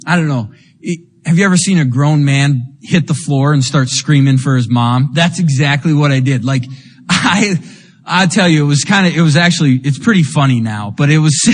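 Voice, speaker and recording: A man giving a raw, emotional recovery testimony, telling his story with lots of "like" and "you know.". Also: a little high. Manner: emotional, with bursts of rueful laughter. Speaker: speaker sharing a recovery testimony. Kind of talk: personal testimony talk. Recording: long hall reverb.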